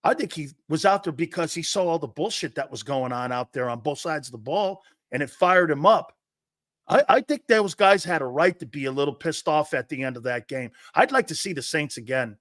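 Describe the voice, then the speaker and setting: A man's voice: fairly high pitch, expressive, a little fast, a bit bright, dry recording, clean studio sound. A man hosting a live sports talk show, reading viewer comments and ranting in a brash, profane, fired-up way.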